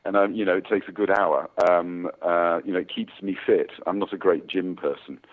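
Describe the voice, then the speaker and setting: Deep-voiced man in his sixties, tinny sound. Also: fairly even intonation, normal speed. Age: 60s. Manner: rambling, many fillers and restarts. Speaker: actor guest. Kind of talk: casual interview chat.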